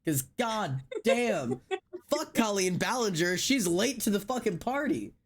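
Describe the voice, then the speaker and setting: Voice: mid-range voice, very animated, unhurried. A streamer chatting casually on a live stream, reading a long list aloud, often laughing and swearing.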